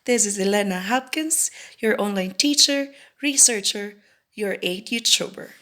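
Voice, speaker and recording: Slow-paced woman teacher. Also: medium pitch, lively intonation, bright, forceful tone. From Philippines. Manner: slow, careful, counting syllables aloud. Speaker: online teacher. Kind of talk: educational lesson.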